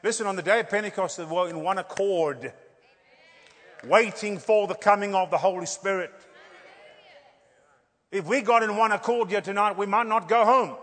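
Man, middle-aged, high-pitched revival preacher; loud swells, quiet asides; long church-hall reverb. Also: moderate pace, long pauses. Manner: lively, swings between loud declarations and quiet asides, jokey. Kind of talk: revival sermon.

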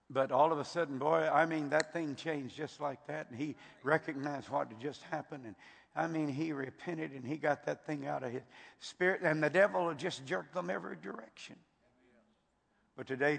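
A man's voice: a little high, gravelly. An older man from Texas with a Texan accent, preaching a fervent sermon and often repeating his words. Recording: long hall reverb.

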